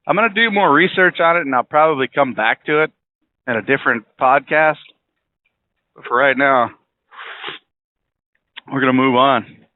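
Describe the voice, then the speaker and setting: Profane rambling man on a tinny line. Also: medium pitch. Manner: rambling, profane, blunt opinions. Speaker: podcast host. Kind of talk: casual monologue. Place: driving in a car. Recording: tinny phone-like audio.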